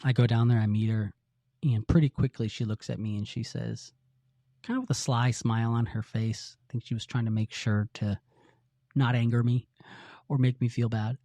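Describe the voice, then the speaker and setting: A middle-aged man tells his own story on a podcast in an earnest, halting way, often restarting his sentences. His voice is mellow and warm. It is recorded dry on a close mic. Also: medium pitch, steady tone, dry recording. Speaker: podcast host. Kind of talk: confessional personal storytelling.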